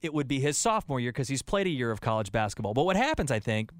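A man's voice: medium pitch, sing-song, fast talker. A man co-hosting a sports radio show, talking casually and rambling with many restarts. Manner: rambling, with frequent restarts and filler.

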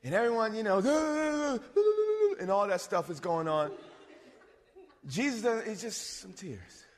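A man preaching a sermon, animated, swinging between loud bursts and low asides. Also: normal speed. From suburbs. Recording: long reverb of a hall.

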